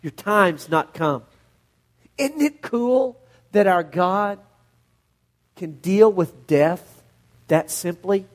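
Delivering a sermon, this middle-aged pastor brings a Bible story to life, voicing the characters as he acts out each scene. His high-pitched delivery is extremely slow, with frequent pauses.

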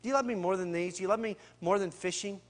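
Guy doing tender jesus in a sermon, soft and low-key, kinda high voice. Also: quick pace, lightly acted. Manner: soft, quiet and reassuring. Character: gentle, tender Jesus, adult man.

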